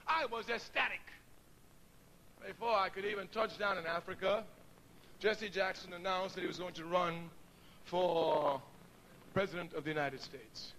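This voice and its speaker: Bright, high-pitched man telling stories. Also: normal speed, pauses often, a little hiss or hum, low-quality recording. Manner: storytelling, laughs often, acts out quoted dialogue. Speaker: speaker addressing an audience. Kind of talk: public speech.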